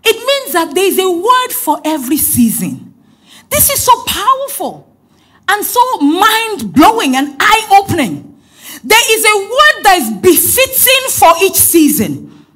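High, lively woman pastor preaching. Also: a little slow. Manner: emphatic preaching with repeated phrases; swings between loud emphatic lines and soft asides. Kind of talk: sermon.

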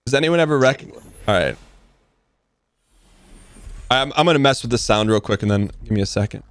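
A man's voice: mid-range voice, animated, no echo. A young man hosting a stream, casually chatting and joking while he interviews a player over game voice chat. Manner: friendly, joking, asks quick questions. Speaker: streamer host.

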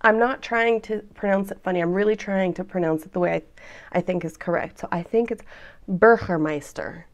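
A woman's voice: medium pitch, fairly quick, dull audio. A woman, hosting a vlog and chatting to viewers between giggles. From United States. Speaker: vlog host. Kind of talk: casual chat to camera.

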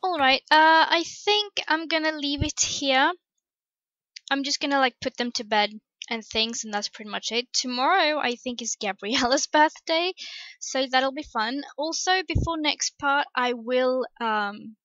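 A woman's voice: high-pitched, a little slow, a bit bright, dry recording, dull audio. A woman casually commenting on her life-simulation game, gushing over the characters and chatting to them. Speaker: let's play host.

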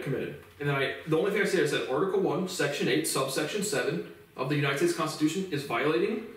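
A man in his twenties ranting angrily on his own, swearing a lot and stumbling over restarts as he talks. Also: fairly high pitch. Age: 20s. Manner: profane, heated, repetitive restarts. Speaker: vlogger. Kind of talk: angry monologue rant. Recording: very echoey room, voice far from mic.

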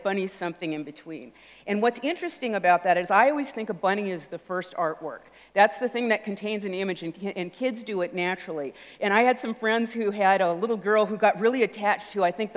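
Animated woman storyteller in a reverberant hall. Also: mid-range voice. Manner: animated, acts out voices and sounds. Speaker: speaker giving a stage talk. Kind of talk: storytelling stage talk.

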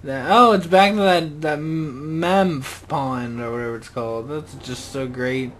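A man giving goofy, excitable gameplay commentary as a let's play host, cracking self-mocking jokes and cheering on the action. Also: fairly high pitch, a little slow, slight background noise.

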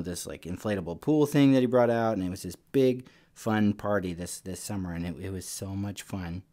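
A young man teaching a children's Sunday school lesson, telling a story in a casual, lively way. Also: lowish voice. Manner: casual, storytelling to kids, animated.

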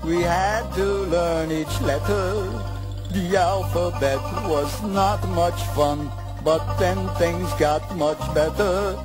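The Count, a grand vampire voice. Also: male voice, high-pitched, slow pace. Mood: singing. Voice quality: grand, dramatic, rolling delivery. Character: theatrical old male vampire counting-lover. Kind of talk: children's TV song and storytelling. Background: loud backing music.

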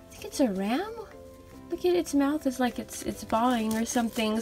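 A young woman narrates a toy unboxing in a soft, cooing voice, gushing over every cute little toy. Her voice sits a little high and has a gravelly fry at the ends of phrases. Faint music plays underneath. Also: animated, normal speed.

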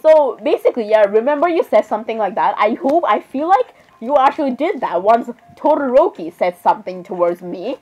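A woman's voice: on the high side, animated, brisk, hardly any pauses, a little mellow, low-quality recording. A woman giving casual let's-play commentary on a horror game. She is chatty, giggles often, apologizes a lot and talks to the game characters. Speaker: gamer playing a horror game.

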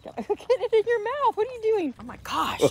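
An excitable companion on a farm vlog who exclaims and laughs a lot. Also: extremely high pitch, a little hiss or hum. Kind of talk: casual chat.

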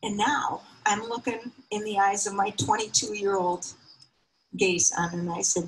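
A woman in her fifties telling a personal story on stage, emotional and heartfelt, her voice often jumping high. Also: unhurried, poor audio. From United States. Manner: emotional, heartfelt, with sudden high pitch lifts.

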